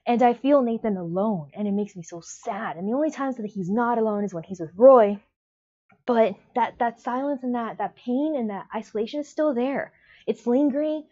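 A woman's voice: a little high, normal speed, dark tone, highs cut off. A woman giving a casual, emotional book review on video, acting out her own reactions.

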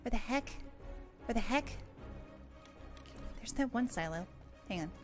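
A VTuber streamer plays a game and chats casually with her viewers, giggling and playfully feigning panic. Her voice is on the high side and animated, a little slow, heard over music.

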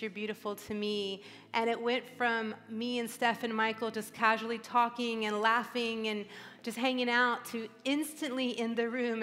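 A woman's voice: a little high, a bit bright. A woman in her forties preaching a heartfelt, tearful sermon in a large church hall. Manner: emotional, tearful, earnest preaching. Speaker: pastor. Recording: live church hall reverb.

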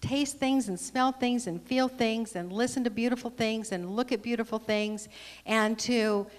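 A woman's voice: fairly high pitch, measured pace. A woman speaking at a spiritual gathering, reading a story aloud in a conversational way into a handheld microphone. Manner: warm, conversational, with fillers. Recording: long hall reverb.

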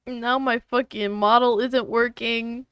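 A woman's voice: fairly high pitch, fairly even intonation, slow pace, a bit bright, clear, resonant tone, no room sound. A young woman streamer chatting casually to viewers, exasperated and swearing at her technical trouble. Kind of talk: casual live-stream chat.

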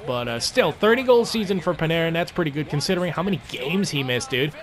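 A young man casually commentating his own gameplay, swearing a lot and jumping from low mutters to loud outbursts. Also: fast. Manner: excitable, swears often, swings from mumbling to yelling. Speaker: gaming commentator.

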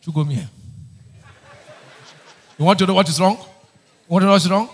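A man's voice: sits high, brisk, long pauses, a little mellow. A man preaching a sermon as pastor, firing questions back at the congregation for them to answer. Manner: call-and-response questions to the congregation; emphatic preaching, often raising his voice.

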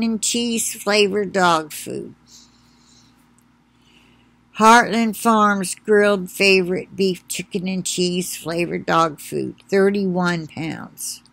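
Lady vlogging from home, slow easy delivery, dry close sound, reads a list out bit by bit. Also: medium pitch, fairly bright tone, no room sound. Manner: chatty, talks to her dog, reads slowly. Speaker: pet owner reading a recall list. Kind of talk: casual home vlog.

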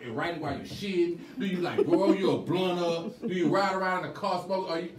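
A man's voice: sits high, a little fast, echoey room, recorded from a distance, over a noisy crowd. A man hosting a casual radio interview, asking loose slangy questions and often repeating his words. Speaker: radio show host.

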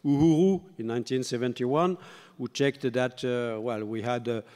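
An older man with a French accent gives a conference keynote in a large hall, and his voice trails off in a long reverb. It sounds smooth and resonant. He speaks haltingly with plenty of fillers, tired but self-deprecating. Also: mid-range voice, a little mellow. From France.

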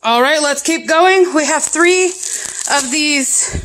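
Chatty high-pitched mom listing groceries. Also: female voice, slow, a bit bright, rough recording. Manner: chatty, listing items one after another. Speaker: mom vlogger. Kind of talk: casual grocery haul vlog. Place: at home.

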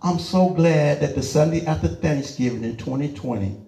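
A high-voiced middle-aged man preaching with a drawl, urging his listeners on and then dropping low. His voice rings around a roomy church hall, with plenty of echo. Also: normal speed, vocal fry. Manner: animated, emphatic, lively swings between loud urging and low asides. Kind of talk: sermon.

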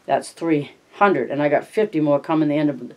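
A reader voicing an old, one-handed ranch swamper who gets excited and a little louder as he talks in rural speech. The pitch is a touch raised, in a plain read-aloud telling of a novel. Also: moderate pace, close to an everyday voice. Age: older.

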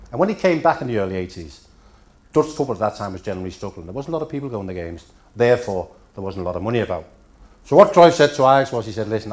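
A middle-aged man from Denmark giving an after-dinner speech in a hotel function room, telling anecdotes with dry punchlines. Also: fairly low pitch. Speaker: after-dinner guest speaker.

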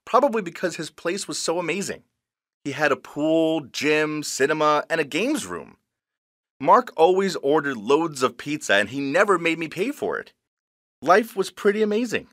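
A man recounts a first-person tale with an animated, lively delivery. His voice sits slightly high, and the pitch swings widely from phrase to phrase. The sound is close and dry, with no room around it. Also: no echo. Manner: expressive, animated storytelling. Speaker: storyteller. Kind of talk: first-person scripted story narration.

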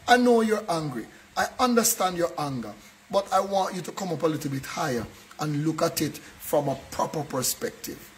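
A man's voice: on the high side, expressive, moderate pace, poor audio. A man, preaching a sermon in church in an earnest way and often checking in with his listeners by asking whether they follow. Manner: earnest preaching, keeps checking in with a tag question. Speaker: pastor.

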